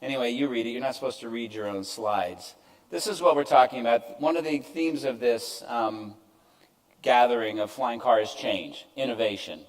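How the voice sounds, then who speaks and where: An older man talks an audience through his slides from an event stage. His delivery is conversational and mid-pitched, with wry jokes at his own expense. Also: moderate pace, low-quality recording. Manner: conversational, self-deprecating asides. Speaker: keynote speaker. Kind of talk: conference presentation.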